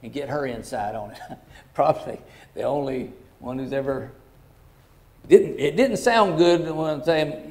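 Folksy preacher, fairly high voice. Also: male voice, moderate pace. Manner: folksy, heartfelt, swings from hushed to loud. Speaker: pastor. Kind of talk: sermon storytelling.

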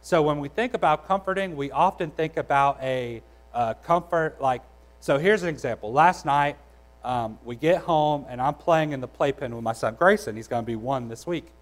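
Young man, pastor, conversational sermon, fairly high voice, storytelling. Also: normal speed, rough recording. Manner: conversational, storytelling preacher with frequent restarts.

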